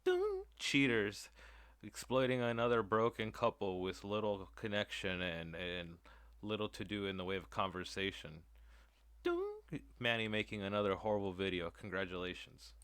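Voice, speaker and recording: A man's voice: lowish voice, steady tone, normal speed, a bit bright, smooth, no echo. A man hosting a reaction stream, mocking a reality show with rambling sarcastic asides. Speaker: host reacting to a video. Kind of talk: casual sarcastic commentary.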